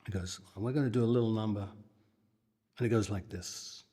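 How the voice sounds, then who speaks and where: Older guy, husky lowish voice, guitarist spinning a story, long reverb around him. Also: moderate pace. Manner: animated, acts out the people in his story. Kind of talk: anecdotal storytelling.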